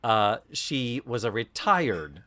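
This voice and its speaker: A man's voice: medium pitch, big pitch swings, slow pace, pushed and bright. A man co-hosting a podcast, talking casually and theatrically, breaking into put-on voices to quote scenes. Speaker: podcast co-host. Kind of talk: casual chat.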